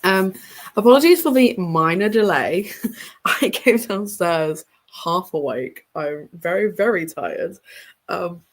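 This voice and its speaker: A young woman talks casually on a home reading stream, her voice stuffy and congested. She rambles along with frequent ums and little laughs, her pitch sitting a touch low for a woman. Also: expressive, takes it slowly. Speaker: reading livestream host. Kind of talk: casual livestream chat. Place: home room with bookshelves behind her.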